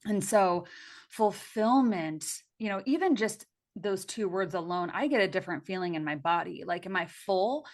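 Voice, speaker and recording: Woman, podcast guest, casual and expressive, thoughtful delivery with lots of fillers. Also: mid-range voice, moderate pace. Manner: expressive, reflective, many filler likes. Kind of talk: casual conversational interview.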